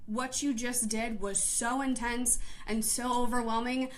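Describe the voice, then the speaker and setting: A woman's voice: on the high side, little pitch movement, unhurried. A woman in her twenties, a teacher, telling a personal story in a vlog and talking emotionally, close to tears. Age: 20s. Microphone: live stream camera.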